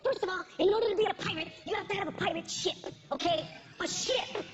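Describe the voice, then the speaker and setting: A woman doing stand-up comedy, ranting in an animated way. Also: extremely high pitch, fast talker, faint music behind. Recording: dull lo-fi recording with loud crowd.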